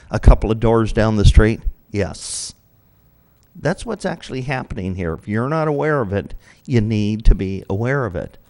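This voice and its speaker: Speaking into a podium microphone at a city council meeting, a man with a mid-range voice gives a blunt public comment. He poses questions to himself and answers them flatly.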